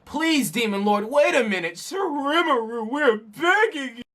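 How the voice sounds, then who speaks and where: A man's voice: extremely high pitch, animated, unhurried, fairly bright tone, voice pushed up, heavily acted. A man voicing an indignant, pleading male traveling peddler with a whiny, protesting manner.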